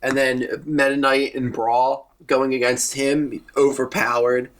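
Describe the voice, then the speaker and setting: A young man co-hosting a comedy podcast, telling stories with animated, acted-out quotes. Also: mid-range voice, unhurried, slight background noise, low-quality recording. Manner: animated storyteller, acts out his own quotes. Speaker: podcast co-host. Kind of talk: casual comedic chat.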